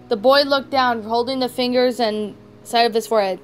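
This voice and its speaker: A woman's voice: a little high, normal speed, few pauses. A woman reading a fan fiction story aloud, often stumbling and restarting words. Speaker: story narrator. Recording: background music throughout.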